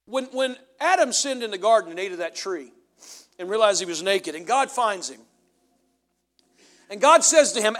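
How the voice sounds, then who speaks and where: Pastor guy, pretty high voice, middle-aged, goes from loud preaching to quiet storytelling. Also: lively intonation, normal speed, pauses often. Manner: swings from loud preaching to low confessional storytelling. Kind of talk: sermon. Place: church sanctuary.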